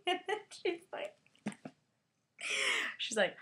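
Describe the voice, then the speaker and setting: A woman's voice: extremely high pitch, takes it slowly, long pauses. Chatty young woman rambling about a movie. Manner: rambling and excitable, many fillers and asides. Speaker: book reviewer. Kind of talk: casual book and movie review.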